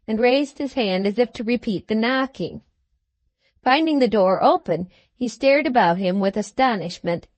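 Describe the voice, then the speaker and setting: A woman narrating a classic novel as an audiobook, reading in an even, measured way. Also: on the high side, no room sound. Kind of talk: scripted narration.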